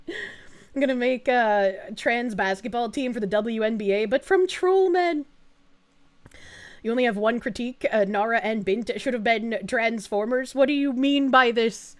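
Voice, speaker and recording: A woman streamer chatting live, reacting fast and swearing freely while thanking donors. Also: a little high. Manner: excitable, profane, quick reactions with frequent laughs. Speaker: VTuber streamer. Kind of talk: casual live-stream chat reading donations.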